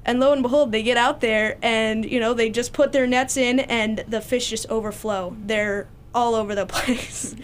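Young woman retelling a bible story, lots of ums and likes, high-ish voice, faint hiss behind. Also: fairly even intonation, normal speed, hardly any pauses. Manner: chatty, many fillers and restarts. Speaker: Bible study participant sharing a passage.

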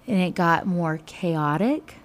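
A woman teaching a Bible study, retelling scripture in conversation with sudden animated bursts. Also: fairly low pitch, takes it slowly.

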